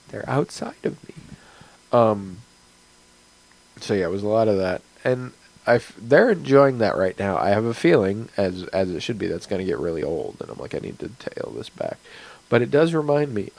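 A man's voice: on the low side, a little mellow, low-quality recording. A man, a game master and podcast host, talking in a rambling, chatty way about his game and his week. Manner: rambling, chatty, frequent fillers. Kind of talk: casual podcast chat.

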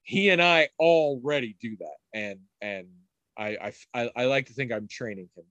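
A man's voice: medium pitch, normal speed, bright, forceful tone, no echo, highs cut off. Middle-aged guy telling long stories in a casual chat, keeps restarting, no room sound at all. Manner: rambling storyteller with frequent restarts.

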